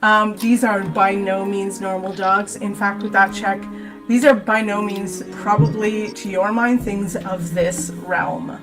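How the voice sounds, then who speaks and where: Slow-talking, jokey woman game master. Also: mid-range voice, steady tone. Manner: chatty, jokey and self-mocking. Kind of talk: running a streamed tabletop game. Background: faint dramatic music.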